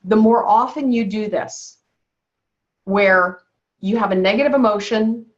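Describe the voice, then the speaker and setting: Woman health coach, mid-pitched, encouraging, coaxes "okay?" often; dull lo-fi call line. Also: unhurried. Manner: frequently checks in with "okay?"; encouraging, walks listeners through breathing exercises. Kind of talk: coaching talk on a group call. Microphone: call-in phone or computer mic. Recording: slightly dull, lo-fi call audio.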